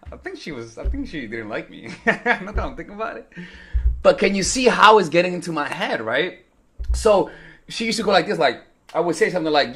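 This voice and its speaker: Animated young man giving dating advice. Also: sits high, fairly quick. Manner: animated storyteller, swears, acts out quotes. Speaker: dating coach. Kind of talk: casual talking-to-camera advice.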